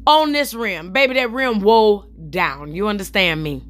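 Bright, sassy young woman storyteller. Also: mid-range voice, unhurried, hardly any pauses. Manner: animated, profane, sassy storytelling with direct asides to viewers. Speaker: comedian telling a story while styling her hair. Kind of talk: storytime vlog.

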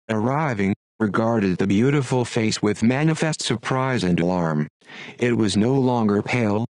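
A man's text-to-speech voice reading a classic story aloud in an even, unhurried way. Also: fairly low pitch, no echo, low-quality recording. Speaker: audiobook narrator.

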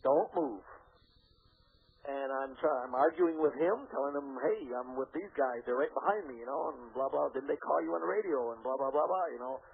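Gravelly man telling a story by phone. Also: medium pitch, fairly quick, hardly any pauses, a little hiss or hum. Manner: animated storyteller acting out quoted dialogue. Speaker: interview guest. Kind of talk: phone-in radio interview. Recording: phone-line radio broadcast.

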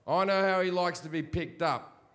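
A man's voice: sits high, normal speed, fairly bright tone, in a large hall. A man voicing a blunt, protective brother in a stand-up story, speaking in a firm, matter-of-fact way.

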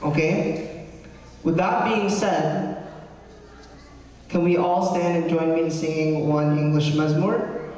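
A man's voice: on the high side, fairly even intonation, takes it slowly, long pauses, darkish tone. A young man serving as a deacon, preaching a sermon in an earnest, conversational way, often checking in with the congregation. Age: young adult. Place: large cathedral. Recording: echoey cathedral, mic from far off.

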